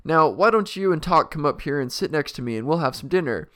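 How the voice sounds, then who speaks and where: A man doing a booming, pompous storybook king. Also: animated, fast, pushed and bright. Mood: haughty. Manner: booming, impatient commands. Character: pompous bossy old male king. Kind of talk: reading a storybook aloud.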